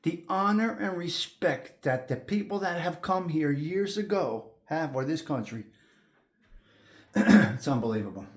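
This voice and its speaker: In an old house, a male host walks between rooms on a tour, telling viewers admiringly about it and repeating himself. He has a fairly high, expressive voice and takes his time speaking.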